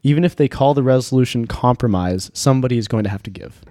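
A man running a tabletop game, reading the rules out in a measured way. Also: mid-range voice, mellow, no room sound, clean studio sound. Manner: measured, reads rules aloud. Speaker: game master.

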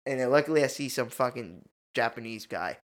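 A man telling a story in a casual, animated chat, full of slang and swearing. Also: medium pitch, fairly quick.

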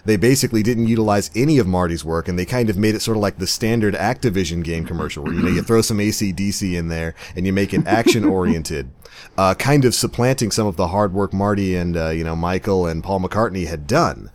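A man's voice: deep voice, brisk, a little mellow. A man on a casual podcast chat, laid-back, recalling details with small chuckles.

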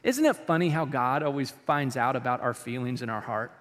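A man preaching a sermon, animated, swinging between loud bursts and hushed lines. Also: mid-range voice, fairly quick. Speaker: pastor. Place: church auditorium. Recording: long reverb of a large auditorium.

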